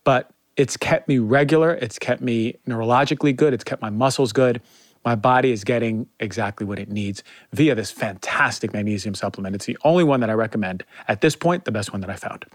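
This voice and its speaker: A man's voice: medium pitch, brisk, dry recording. A man with a mid-range voice hosts a health show, nodding along with repeated "right, right" and tag questions. He is recorded close and dry. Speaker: podcast host, doctor. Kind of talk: interview and read ad.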